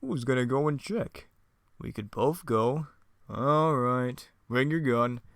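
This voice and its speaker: A man voicing nervous male henchmen with a quick, jittery delivery. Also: mid-range voice, fairly bright tone, no room sound, clean studio sound.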